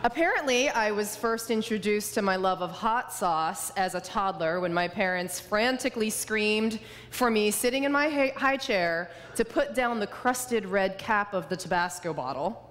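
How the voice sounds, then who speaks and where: A woman's voice: medium pitch, lively intonation, normal speed, slight background noise. Woman preaching in a reverberant hall. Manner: warm storytelling, humorous. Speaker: guest preacher. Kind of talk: sermon with personal stories. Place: church sanctuary.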